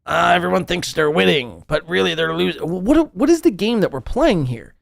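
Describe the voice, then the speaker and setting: A man's voice: high-pitched, very animated, a little fast, gravelly, no echo, clean studio sound. A man hosting a live podcast, reacting to clips with sarcastic, profane mockery. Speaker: podcast host.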